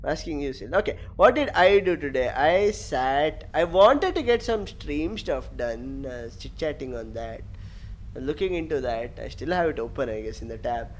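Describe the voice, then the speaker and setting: A young man chatting casually on a game stream, animated and teasing. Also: a little high, normal speed, a little hiss or hum. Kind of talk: casual gaming stream chat.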